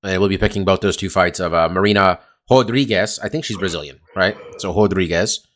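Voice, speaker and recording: A man's voice: low voice, fairly quick, fairly bright tone. Male podcast co-host, casual, rambly, curses a lot. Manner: rambling, profane, uses lots of fillers. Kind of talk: casual chat. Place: California.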